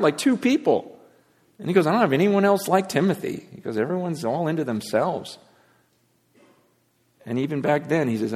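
A man preaching a sermon, moving between hushed, intense passages and raised, pleading ones. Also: medium pitch, long reverb tail. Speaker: pastor.

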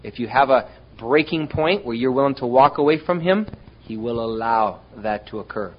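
This pastor has a mid-range voice and keeps a moderate pace, captured in a muffled recording. He preaches with animation, talking straight to the congregation through rhetorical questions and sudden emphatic bursts.

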